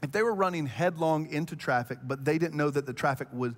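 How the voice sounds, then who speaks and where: A male pastor preaches in a lively, conversational style and often clears his throat. His voice sits a little high, and a long hall echo trails after each phrase. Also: a little fast. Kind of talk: sermon.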